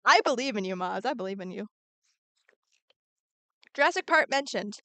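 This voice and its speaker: A woman's voice: medium pitch, expressive, moderate pace, bright, forceful tone, no room sound. A woman streaming as she draws, chatting in a bubbly way, answering her chat and muttering to herself as she works. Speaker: art streamer. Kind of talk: casual live-stream chat while drawing.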